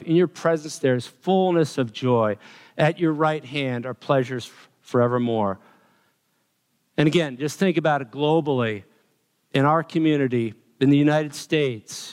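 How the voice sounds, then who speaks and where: A man's voice: fairly high pitch, darkish tone, clean tone. A man preaching a sermon in a church, emphatic and building repeated lists of phrases. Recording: long reverb of a large hall.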